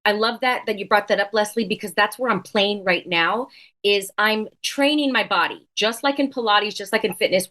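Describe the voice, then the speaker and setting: A woman's voice: mid-range voice, fairly bright tone. A woman speaking as a podcast guest in casual conversation. She sounds earnest and reflective, and she repeats key words to stress them.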